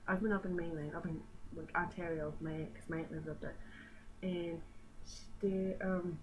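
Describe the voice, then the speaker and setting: Teen girl, Newfoundland accent, chatty and rambling, slightly low voice, noisy home recording. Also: steady tone, normal speed, dull audio. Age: teens. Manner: chatty, rambling, swears casually. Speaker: vlogger. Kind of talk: casual talk to camera.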